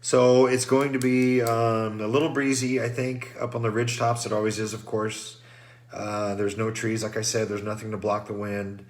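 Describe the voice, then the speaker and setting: A man's voice: on the low side, little pitch movement, normal speed. A middle-aged man, stuffed up from trail dust, giving a casual, rambling pre-race briefing with many fillers and restarts. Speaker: race director.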